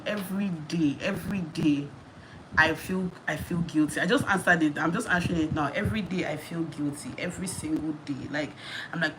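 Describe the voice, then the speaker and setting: With a fairly low, slightly bright voice, a Nigerian woman in her thirties hosts a live Q&A on YouTube. She chats casually with viewers, laughs a lot and says things more than once, over noisy stream audio.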